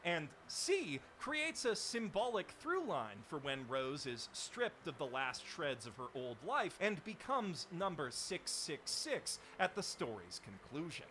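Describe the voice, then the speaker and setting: A man reading a scripted video essay in an animated, ironic way. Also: on the high side, slight background noise. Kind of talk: scripted narration.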